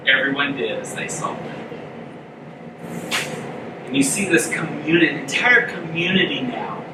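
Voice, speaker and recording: A man preaching a sermon as a pastor, telling the story with lively acted-out voices for the characters. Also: medium pitch. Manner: animated storytelling, acting out the characters' lines. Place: church hall. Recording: echoey room, mic from a distance, noisy.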